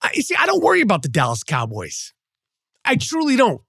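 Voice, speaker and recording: Man, podcast host, mocking profane rant, gravelly, dry. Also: very high voice, wildly swooping pitch, fairly quick, sharp tone, dry recording. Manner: profane, mocking, trash-talking. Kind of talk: sports rant.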